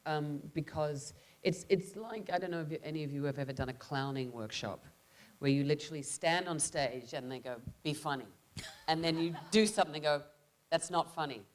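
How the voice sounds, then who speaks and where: A woman's voice: low voice, a little fast, few pauses. A woman actor answering panel questions in a reflective way, often restarting and repeating words.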